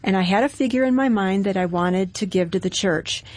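A middle-aged woman telling her faith story as a guest on an interview show, earnest and steady. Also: medium pitch, brisk.

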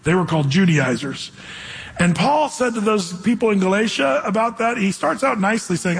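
A man's voice: high-pitched, lively intonation, normal speed, vocal fry, breathy edge, long reverb tail, rough recording. A man preaching a sermon as pastor, speaking emphatically and conversationally and acting out quotes.

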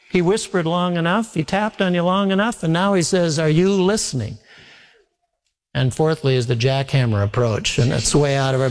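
A man's voice: fairly high pitch, in a large hall. A man preaching a sermon as pastor, mixing scripture with humorous homespun stories in a conversational way.

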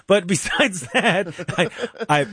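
A man hosting a casual political talk radio show in a studio, animated and mocking, with jokey asides. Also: high voice, slow pace, breathy edge, dry recording.

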